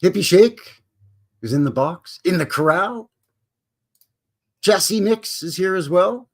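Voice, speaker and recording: A man's voice: high-pitched, animated, unhurried. A man from Alberta with a Canadian accent, hosting a live stream in a rambling, folksy way and greeting viewers by name. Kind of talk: casual live-stream chat.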